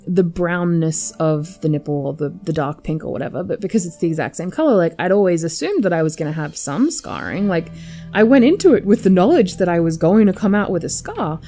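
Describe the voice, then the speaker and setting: Chatty young woman, mellow voice. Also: fairly low pitch. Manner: candid and chatty, many fillers like "like". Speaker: vlogger. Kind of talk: personal storytelling to camera.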